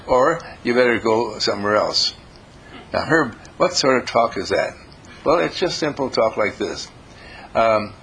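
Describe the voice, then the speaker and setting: A man's voice: mid-range voice, fairly bright tone, a little hiss or hum, rough recording. Folksy older man giving a talk. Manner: folksy, homespun, uses playful quoted voices. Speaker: group teacher. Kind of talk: informal motivational talk.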